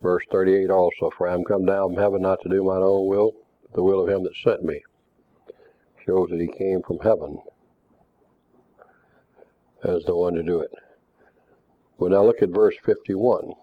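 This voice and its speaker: A man preaching a Bible lesson, measured and reading scripture passages aloud. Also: low-pitched, flat delivery. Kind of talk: Bible teaching. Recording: tinny phone-like recording.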